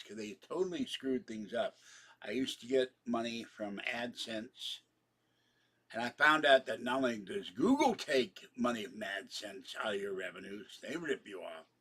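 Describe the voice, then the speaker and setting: A man's voice: fairly low pitch, a bit bright, husky. A man rambling on a home livestream, wandering between complaints and asides with frequent restarts. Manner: meandering, complaining, with many restarts and laughs. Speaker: YouTuber livestreaming. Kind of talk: rambling casual live chat. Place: home apartment.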